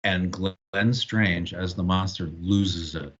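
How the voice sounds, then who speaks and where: A man's voice: deep voice, slow pace, highs cut off. A man as a guest film historian in a casual podcast discussion, telling stories with knowledgeable enthusiasm. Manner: animated, knowledgeable storyteller.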